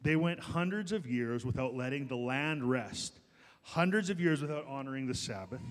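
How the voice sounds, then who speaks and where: A man's voice: fairly high pitch, big-room sound. A male pastor preaching a sermon in a church, emphatic and rhetorical, stretching out the words he stresses. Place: church sanctuary.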